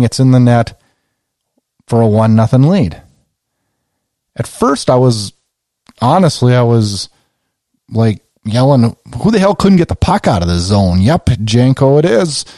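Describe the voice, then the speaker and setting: A man talks through a game recap in a casual, conversational way and gets worked up as he recounts his reactions. His voice is warm and mellow. It is recorded dry, with no room sound. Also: medium pitch, no room sound. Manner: excitable, conversational, retells his own reactions. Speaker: podcast host.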